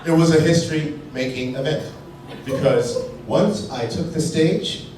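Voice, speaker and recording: A man from Chicago performing a stand-up comedy set on a brew pub stage, talking in a wry, playful way. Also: a little high. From Chicago, USA. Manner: wry, playful, quick jumps into put-on voices. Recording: distant, echoey, noisy live bar recording. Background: audience laughter and bar noise.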